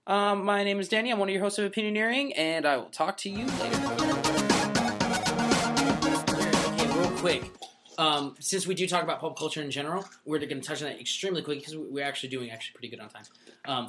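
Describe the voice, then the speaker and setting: A man's voice: a little high, brisk, over loud music. A young man co-hosting a podcast, chatting casually and telling stories loosely with lots of fillers and "dude.". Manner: laid-back, filler-heavy storytelling with lots of "dude" and "like". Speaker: podcast co-host. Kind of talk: casual chat.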